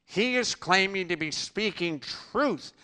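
Animated, bright-voiced man preaching. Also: high-pitched, slow, smooth. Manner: emphatic, with sudden loud bursts and drops to quiet; rhetorical questions answered himself. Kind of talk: sermon.

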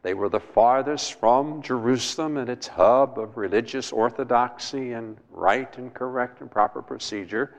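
Male preacher, emphatic sermon, rough gravelly tone, long hall echo. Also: mid-range voice, normal speed, hardly any pauses. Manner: emphatic, repeats words, asks the listeners questions.

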